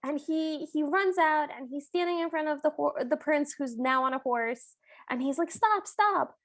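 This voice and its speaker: A woman's voice: high voice, steady tone, moderate pace. A woman co-hosting a podcast, chatting through a movie recap and voicing the characters' lines. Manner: bubbly, chatty retelling with voiced quotes. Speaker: podcast co-host. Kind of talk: casual movie recap chat.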